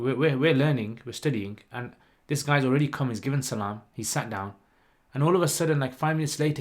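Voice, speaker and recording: A man, hosting a livestream and telling a story in a rambling, lively way with lots of fillers. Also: mid-range voice. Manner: rambling, animated retelling with many "like" and "you know" fillers. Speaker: channel host.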